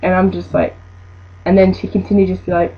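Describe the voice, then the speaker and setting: A woman's voice: on the low side, completely flat delivery, brisk, breathy edge. An eighteen-year-old woman, telling a work story in a chatty, exasperated, rambling way. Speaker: vlogger. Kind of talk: storytime monologue. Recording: dull lo-fi with faint noise.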